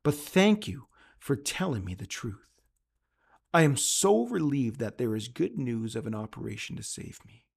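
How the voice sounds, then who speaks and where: A man doing a quiet, humble patient. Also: mid-range voice, animated, moderate pace, gravelly, few pauses, breathy edge, pitched below the performer's own voice, heavily acted. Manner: quiet, soft, grateful.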